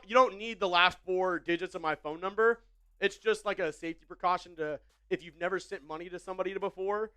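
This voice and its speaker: A man's voice: high-pitched, fairly bright tone, clear, resonant tone. A man hosting a live football watch party in upbeat, casual chat, reading out viewer comments with frequent fillers and repeated phrases.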